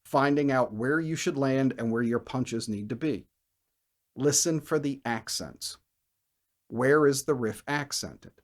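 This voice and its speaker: A man teaching bass in a video lesson, who explains with energy and scats riffs and counts beats out loud. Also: unhurried, slight background noise.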